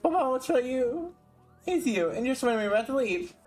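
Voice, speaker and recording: Man doing a high female game character. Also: big pitch swings, moderate pace, darkish tone, soft background music. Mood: earnest. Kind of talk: reading game dialogue aloud.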